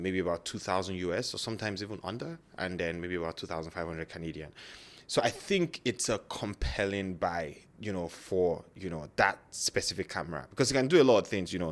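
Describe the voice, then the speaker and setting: Man with a very low voice and a non-native English accent, loose and chatty, full of fillers and self-corrections, a gear vlogger talking straight to camera. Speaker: photography YouTuber. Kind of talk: casual talk to camera.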